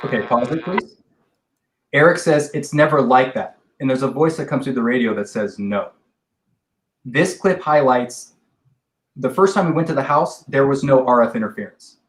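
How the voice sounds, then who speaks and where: A man's voice: mid-range voice, animated, moderate pace. Echoey-voiced man explaining at length. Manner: rambling, explains with restarts. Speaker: paranormal investigator guest. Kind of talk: casual podcast discussion.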